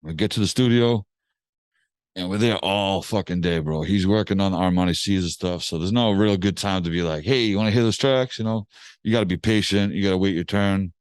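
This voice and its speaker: Low-voiced man telling a slangy story. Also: brisk, clean tone, dry recording. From Massachusetts. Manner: slangy, laid-back storyteller full of fillers. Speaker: music producer guest. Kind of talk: casual storytelling interview.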